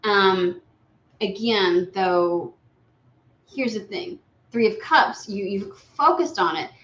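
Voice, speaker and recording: A woman giving a casual live tarot reading, blunt and profane, lively and often slipping into quoted voices. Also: mid-range voice, slow. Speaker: tarot reader. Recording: echoey room, dull lo-fi sound.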